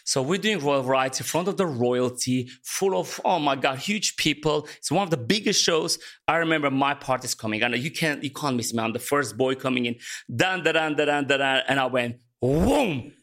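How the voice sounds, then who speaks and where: A man telling his life story as an interview guest, animated, laughing often and acting out quotes. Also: mid-range voice, brisk, hardly any pauses. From Armenia. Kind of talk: emotional storytelling.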